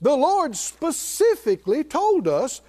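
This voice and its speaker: An older male pastor preaching to his congregation. His voice sits high and swings widely in pitch. He rises to loud exclamations, then sinks to low, quiet asides. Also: wildly swooping pitch, takes it slowly. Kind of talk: sermon.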